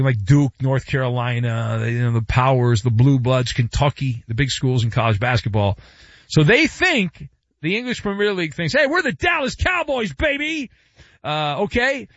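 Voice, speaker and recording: A man's voice: a little high, no room sound, dull audio. A man hosting a sports talk show, delivering a sarcastic, wisecracking monologue. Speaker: sports radio host.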